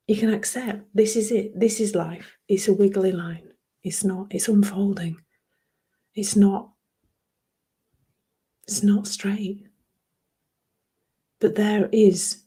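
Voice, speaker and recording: A woman hosting a reflective solo podcast in a soft, emotional way, often laughing and dropping into whispers. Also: medium pitch, husky. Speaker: podcast host.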